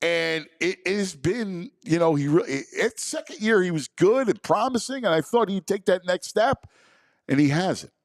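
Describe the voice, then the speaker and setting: An excitable man hosts a sports talk show. His pitch rises and falls freely as he gushes with praise, and the studio sound is dry and close. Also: normal speed, dry recording. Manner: enthusiastic, effusive praise.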